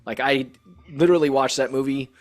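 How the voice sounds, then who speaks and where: A man's voice: medium pitch, steady tone, brisk. A middle-aged man co-hosting a casual chat, adding short remarks and musing aloud. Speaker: podcast co-host.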